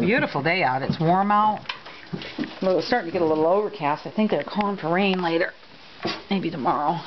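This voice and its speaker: A woman's voice: lowish voice, expressive, moderate pace. A woman caring for foster dogs at home, narrating a home video and coaxing the dogs along in a sing-song voice. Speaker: dog foster caretaker. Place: home, in and out of doors. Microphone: handheld camera. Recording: dull lo-fi camera audio with loud noise.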